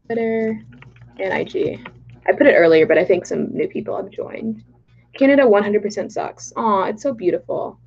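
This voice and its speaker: A woman's voice: mid-range voice, normal speed, creaky, darkish tone. A young woman hosting a casual livestream from home, reading chat comments aloud in a bubbly, giggly way. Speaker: livestream host. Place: home in Texas. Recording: slightly dull livestream audio.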